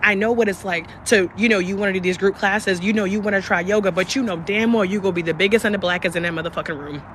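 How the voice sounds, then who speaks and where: A woman's voice: medium pitch, steady tone, quick pace, slight background noise. A young woman hosting a live stream, talking candidly and passionately with plenty of profanity. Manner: candid and profane, emphatic, shifts between passion and softness. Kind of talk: casual live-stream talk.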